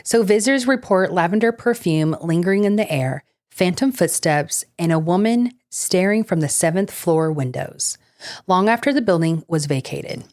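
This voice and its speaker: A woman's voice: on the low side, animated, normal speed, a little mellow. A woman co-hosting a casual podcast, chatting with lots of fillers and slipping into reading ghost-story notes. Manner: chatty, filler-heavy, laughs easily. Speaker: podcast co-host. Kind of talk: casual chat.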